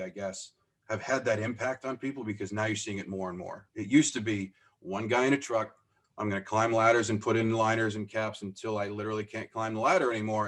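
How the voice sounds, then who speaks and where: Animated man telling stories on a podcast. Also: on the low side. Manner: animated, acts out quoted dialogue; self-deprecating, laughs as he talks. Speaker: podcast guest, business owner. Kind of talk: casual storytelling interview.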